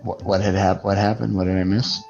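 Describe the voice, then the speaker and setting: A man on a live stream, puzzling aloud in a halting way. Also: low voice, flat delivery, creaky, darkish tone, soft background music. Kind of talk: casual livestream chat. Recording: dull, muffled lo-fi audio.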